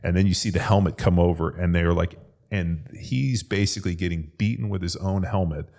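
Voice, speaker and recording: A man with a very low voice tells a story in casual podcast chat. He swears constantly and talks in an animated way. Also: fairly quick, creaky. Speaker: podcast co-host, former NFL lineman.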